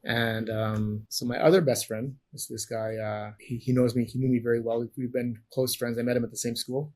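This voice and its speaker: A man's voice: medium pitch, level tone, brisk, darkish tone. A middle-aged man, a guest in an interview, telling long stories with many restarts and self-corrections. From Canada. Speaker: guest, former champion wrestler. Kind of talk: storytelling interview answers.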